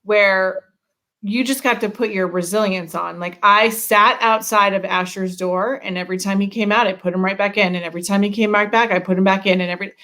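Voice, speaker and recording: A woman's voice: mid-range voice, fairly even intonation, sharp tone. A middle-aged woman host chatting frankly about parenting, often restarting her sentences. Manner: frank, halting, with many restarts. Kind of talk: casual chat.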